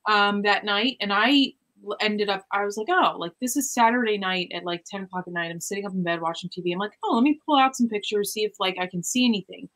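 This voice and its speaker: A woman, a paranormal investigator, explaining in a relaxed, filler-heavy casual chat. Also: medium pitch, fast talker, hardly any pauses.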